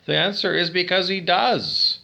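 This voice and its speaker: Man vlogger, intense profane rant, gravelly bright voice, self-answered questions. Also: sits high, moderate pace. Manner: ranting, asks and answers his own questions, profane. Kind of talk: direct-to-camera monologue.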